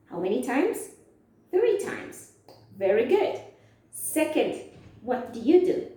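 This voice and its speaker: A woman teaching a lesson to children, speaking slowly, asking questions and answering them herself. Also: mid-range voice, dark tone. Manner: slow, drawn-out, asks questions and answers them. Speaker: Islamic studies teacher. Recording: echoey, from far off.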